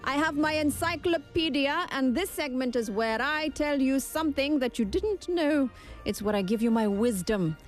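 A woman's voice: sits high, moderate pace, soft background music. A young woman from Scotland hosting a casual vlog segment, playful and theatrical. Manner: playful, theatrical, shifts into silly voices. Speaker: vlogger.

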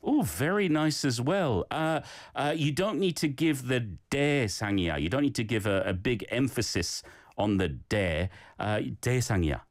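A man's voice: medium pitch, expressive, brisk, no room sound, studio quality. A man teaching a daily Korean phrase and giving encouraging feedback on listeners' recordings. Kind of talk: casual language lesson.

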